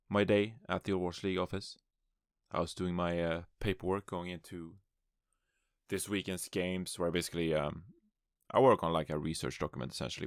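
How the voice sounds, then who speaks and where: A deep-voiced man talks through his own podcast from home, upbeat and rambling and pleased with his own puns. His voice has a gravelly edge. The recording is close and dry. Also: a bit bright, no echo. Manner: upbeat, rambling, self-amused, with restarts. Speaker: podcast host and esports analyst. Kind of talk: solo podcast commentary. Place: his apartment.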